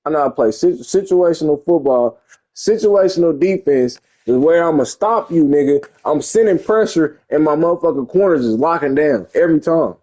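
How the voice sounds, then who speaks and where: Playing a football video game, a young male streamer keeps up casual, profane commentary full of rambling and bragging. His voice sits on the high side, warm and animated, at an ordinary pace.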